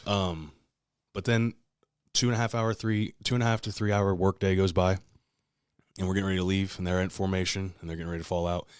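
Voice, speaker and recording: A man's voice: deep voice, a little fast, smooth, dry recording, clean studio sound. A young man telling a story in casual chat, swearing freely and acting out what people said. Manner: profane, animated storyteller acting out quotes. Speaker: podcast co-host.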